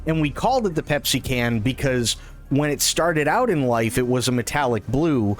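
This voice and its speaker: A man streaming a game live who tells a long, rambling story in casual, profane, animated chat and laughs at his own tales. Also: medium pitch, normal speed, faint music behind.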